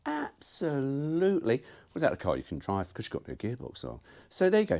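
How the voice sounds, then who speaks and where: A car vlogger chats casually to camera about working on his car, rambling, joking and swearing now and then in workshop-style talk. His medium-pitched, darkish voice swoops wildly in pitch, carries vocal fry and moves a little fast.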